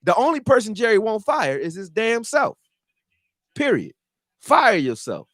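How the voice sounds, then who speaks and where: Speaking a little slowly in a voice that sits high, a football fan commentator launches into a casual, profane rant, acting out quotes with animated energy. The sound is clean studio audio with no echo.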